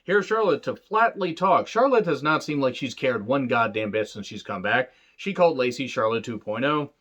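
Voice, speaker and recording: A man's voice: mid-range voice, expressive, moderate pace, fairly bright tone. A man who reviews wrestling shows in a casual, sarcastic way, with a lot of swearing and jokes. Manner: sarcastic, joking, rambling. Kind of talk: casual profane commentary.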